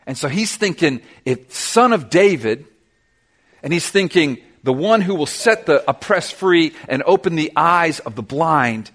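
A pastor preaching an earnest sermon, retelling scripture dramatically and asking the church direct questions. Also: male voice, fairly high pitch, expressive, unhurried, a bit bright.

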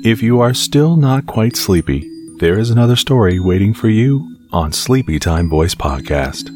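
Male sleep-podcast host, low and steady, scripted bedtime narration over soft fiddle. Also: normal speed, faint music behind.

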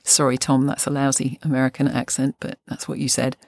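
An older woman in a measured, thoughtful way, explaining fascia and anatomy on a podcast. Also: extremely low pitch, flat delivery, creaky, a little mellow, no echo, studio quality. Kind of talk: podcast lesson.

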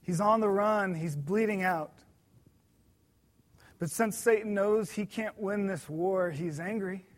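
A man with a notably high voice delivers an earnest sermon. He speaks emphatically, slowing right down to lean on the words that matter most. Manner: earnest and emphatic, slows down to stress key words. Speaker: preacher.

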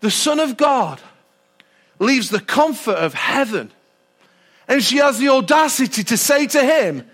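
Very high-voiced preacher. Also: male voice, measured pace, long pauses. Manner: animated, asks the congregation questions. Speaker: pastor. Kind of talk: sermon.

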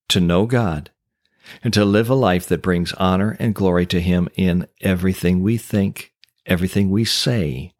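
A man's voice: low-pitched, no echo, studio quality. A man hosting a Christian teaching podcast, speaking in an emphatic preacherly way with rhetorical questions. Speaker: podcast host and Christian coach.

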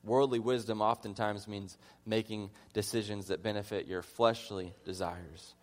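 A man's voice: fairly low pitch, moderate pace, hardly any pauses. Man preaching in a reverberant hall. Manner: earnest teaching with humorous personal asides. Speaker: pastor. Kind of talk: conversational sermon. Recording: long reverb of a large hall.

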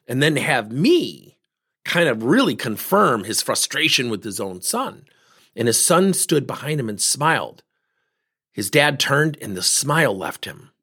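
A man's voice: mid-range voice, a bit bright, slightly rough. A man, a coach, telling a story to parents in a frank, plain-spoken way, acting out the lines of the people in it. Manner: acts out quoted dialogue with shifting voices. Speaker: volleyball coach and podcast host.

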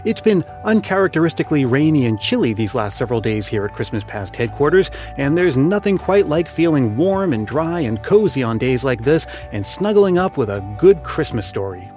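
Gentle male storyteller with soft music. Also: mid-range voice, big pitch swings, moderate pace, few pauses. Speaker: podcast host and storyteller. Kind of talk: scripted narration of a classic story.

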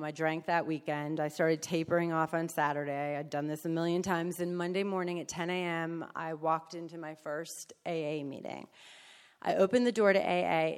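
A woman giving a candid, emotional personal testimony, speaking frankly with blunt swearing and acting out the people in her story. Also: low-pitched. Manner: animated storyteller who acts out other people.

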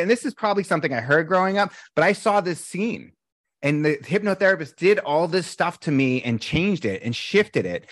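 Guy, breathwork coach, fired-up storyteller, swears a lot, kinda high voice, dry close mic. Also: moderate pace, no room sound. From Boston. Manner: animated storyteller, blunt, swears casually. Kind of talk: casual interview chat.

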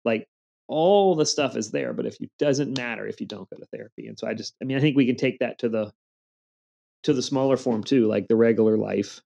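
A man's voice: medium pitch, a little fast, vocal fry, dark tone. A man in his forties telling earnest stories in a casual interview, with a motivational tone. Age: 40s. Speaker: podcast guest.

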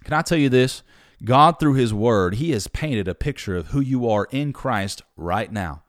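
A man's voice: medium pitch, expressive, normal speed, no echo, studio quality. A man preaching a sermon in a conversational, emphatic storytelling manner.

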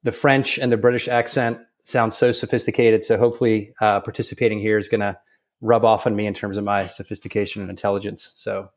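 A man being interviewed as a guest, talking in a relaxed way with many fillers and restarts. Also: on the low side, brisk. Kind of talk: conversational interview.

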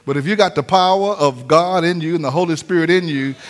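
Delivering a brisk sermon, this pastor has a bright, high voice. Rising sing-song cadences and sudden shouts carry his points.

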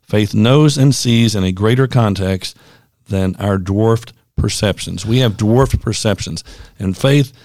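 A man's voice: lowish voice, measured pace, a little mellow, no room sound, clean studio sound. A man, a former pastor who co-hosts a podcast, chatting casually and reading quotes aloud. He talks in a reflective, thoughtful way and often restarts his sentences.

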